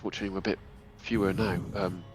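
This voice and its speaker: A man at a tabletop game talks through his character's actions in a hesitant, curious way, full of fillers and restarts. His voice is low-pitched. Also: flat delivery, fast, soft background music. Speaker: player.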